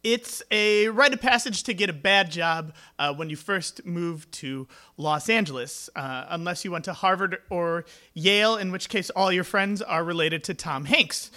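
A young man with a tenor voice performing a stand-up comedy set, telling stories deadpan and laughing at his own jokes. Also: high-pitched, unhurried, few pauses.

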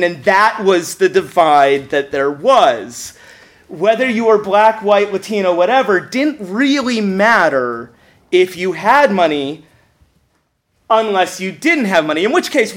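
Unhurried, animated comic storyteller, self-deprecating, stumbles over restarts and laughs at own story. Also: mid-range voice. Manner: animated, self-mocking, laughs while telling; frequent restarts and stammers. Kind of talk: comedic personal storytelling.

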